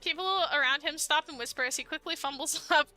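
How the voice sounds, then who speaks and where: A woman's voice: sits high, fairly even intonation, fast talker, sharp tone, faint music behind. A young woman streaming, reading a dating game aloud in a chatty, giggly way.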